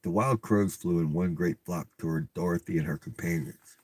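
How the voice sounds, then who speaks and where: A man's voice: deep voice, moderate pace, a little mellow, slightly rough, no echo. A man reading a storybook aloud and breaking off for profane, incredulous comic commentary. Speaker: reader and commentator. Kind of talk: comedic read-aloud with commentary.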